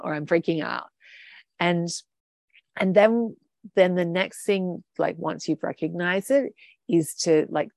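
A woman's voice: low voice, creaky, a little mellow, no room sound. A woman coaching a live group over a video call, talking casually and rambling with many fillers and restarts.

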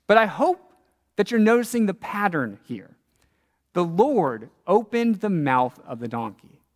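Animated high-voiced male preacher in a hall. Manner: animated storytelling, asking listeners questions. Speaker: pastor. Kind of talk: sermon with Bible reading.

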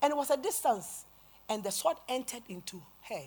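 A woman pastor preaching a sermon, telling a story with animated acted-out quotes and rising to shouts. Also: a little high, moderate pace, noisy background. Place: church sanctuary.

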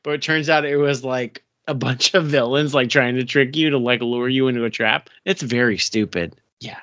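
A man's voice: medium pitch, steady tone, normal speed, a bit bright, no room sound, muffled recording. Rambling man in a casual game chat. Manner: rambling, with many fillers and restarts. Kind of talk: casual chat about video games.

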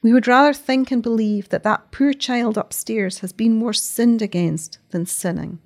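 A woman voicing a grave, commanding man of few words, speaking steadily and quietly in a read-aloud story. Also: a little high, normal speed, lightly acted. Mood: steady.

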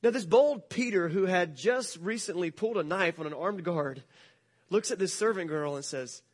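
A high-voiced male pastor tells the story in a loose, joking, animated way. He speaks to a church congregation that includes children. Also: moderate pace, husky. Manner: casual, jokey, animated retelling. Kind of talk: sermon storytelling.

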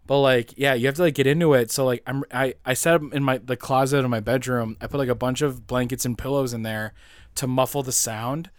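A young man in his twenties talks casually as a podcast co-host, rambling through stories with filler words and easy laughter. His voice sits at a middle pitch. The sound is close and dry. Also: fairly even intonation, fairly quick, dry recording. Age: 20s.

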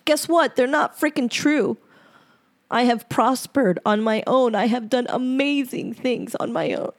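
A woman hosting a podcast who reads her own journal entry aloud, then reflects on it in an earnest, emotional way, often halting and repeating herself. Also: a little high. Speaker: podcast host.

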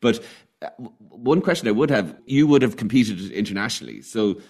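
A man's voice: fairly low pitch, big pitch swings, a little fast, breathy edge. A man hosting a podcast, asking thoughtful questions about athletes and their parents. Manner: thoughtful, warm reflective questioning. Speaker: host, works with young athletes' well-being. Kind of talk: podcast interview.

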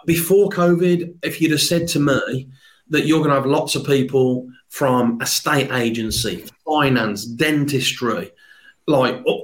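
A man with a Birmingham accent, talking as a sales trainer guest in an upbeat, talkative podcast interview. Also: fairly high pitch.

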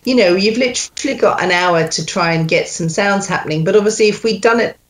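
A woman's voice: medium pitch, a little fast. A woman working as a dialect coach over a video call. She patiently drills lines sound by sound. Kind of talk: accent coaching session.

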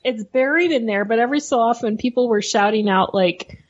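A woman with a higher voice jokes wryly on a casual podcast. The audio sounds slightly muffled. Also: fairly quick. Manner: wry, acts out mocking quotes. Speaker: podcast co-host. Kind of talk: casual chat.

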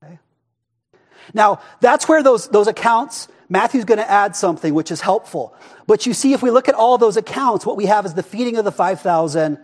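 A man preaching a sermon in a casual, conversational way, often asking "right?" and dropping to a hush for emphasis. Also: sits high, a little fast. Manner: expressive, drops to a hush for emphasis. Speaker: pastor.

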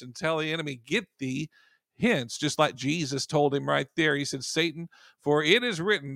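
A man's voice: a little high, creaky, sharp tone, no echo, studio quality. A man preaching an informal sermon in a conversational way, full of "you know" asides and sudden emphatic rises.

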